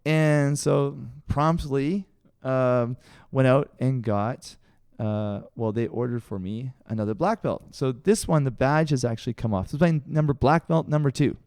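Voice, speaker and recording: Animated Canadian man telling stories. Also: mid-range voice, unhurried, hardly any pauses, clear, resonant tone, no echo, clean studio sound. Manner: animated, acts out quoted voices, laughs often. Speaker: podcast co-host. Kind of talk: casual storytelling chat.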